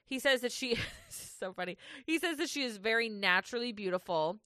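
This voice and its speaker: A woman's voice: fairly high pitch, animated, brisk, pushed and bright, dry recording, studio quality. A woman co-hosting a casual recap podcast, laughing often and mocking people in quotes. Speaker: podcast co-host.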